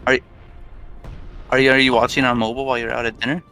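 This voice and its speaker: Excitable man hosting game commentary. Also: medium pitch, soft background music. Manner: quick questions, repeats words when excited. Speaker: commentator and host.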